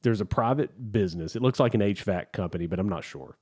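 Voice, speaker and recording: Rambling, lower-voiced man chatting. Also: fast talker, a little mellow. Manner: rambling storyteller with restarts and laughs. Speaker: podcast co-host. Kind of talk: casual chat.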